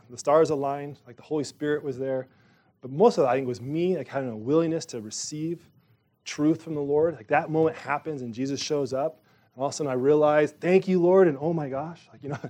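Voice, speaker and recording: A male pastor delivering a sermon in a loose, conversational style, with a slightly higher-than-average voice. He rambles, restarts his sentences and leans on fillers, then presses his points with emphasis. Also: darkish tone.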